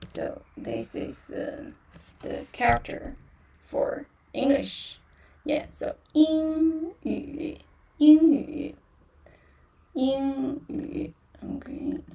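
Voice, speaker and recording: A woman's voice: a little high, gravelly, darkish tone, recorded from a distance. A woman teaching beginner on a livestream, patiently repeating words and tones with many fillers; is her language. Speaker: Mandarin teacher.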